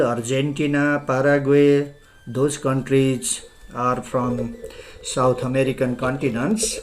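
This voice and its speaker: Slow, methodical Nepali-accented male teacher. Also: mid-range voice, a little mellow. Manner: spells words out letter by letter, methodical. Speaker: English teacher. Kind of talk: spoken language lesson.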